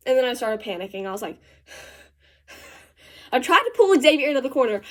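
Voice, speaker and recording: A teenage girl tells a rambling story in casual vlog style while doing her makeup. She talks in a fairly high voice and drops slangy asides as she goes. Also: animated, moderate pace, pauses often, fairly bright tone. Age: teens. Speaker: vlogger.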